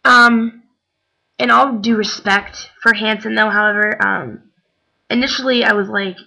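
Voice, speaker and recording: A woman's voice: medium pitch, steady tone, measured pace, creaky, pushed and bright. A tired young woman chatting casually in a rambling way, with lots of "like" and "um". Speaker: vlogger. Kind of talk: casual chat. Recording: dull lo-fi webcam recording.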